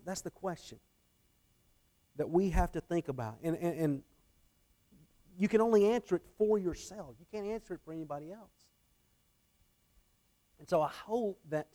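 A man's voice: high-pitched, mellow. A man preaching a sermon earnestly, often repeating his phrases and shifting his emphasis. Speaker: pastor.

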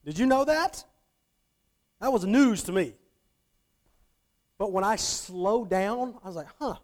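A man with a fairly high voice for his sex, teaching the Bible in an easy, conversational way. He keeps checking in with his listeners and doubles back on words as he finds his phrasing. He sounds middle-aged and talks like a teacher leading a group. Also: lively intonation, takes it slowly, darkish tone. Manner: checks in often with the audience, repeats words on restarts.

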